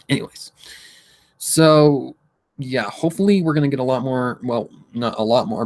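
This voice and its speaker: A man's voice: mid-range voice, no room sound. Man rambling on a casual livestream. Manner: rambling, swears, reads chat aloud and hums while scrolling. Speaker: livestream host.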